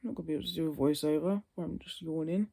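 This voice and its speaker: A woman's voice: low-pitched, very fast, gravelly, dark tone. A young woman vlogging casually to camera, sleepy and yawning, rambling and trailing off into tired mutters.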